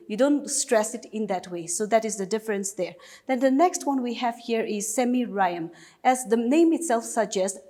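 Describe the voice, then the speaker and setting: A woman with a Nagaland accent teaches an English lesson at a steady classroom pace. Her voice sits a bit high, and she explains each point patiently with repeated examples. A long reverb trails her words.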